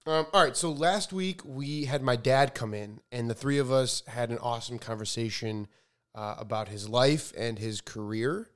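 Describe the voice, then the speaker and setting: Smooth-voiced young man co-hosting a podcast. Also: mid-range voice, normal speed. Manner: relaxed, rambling with fillers. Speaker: podcast co-host. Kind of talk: casual chat.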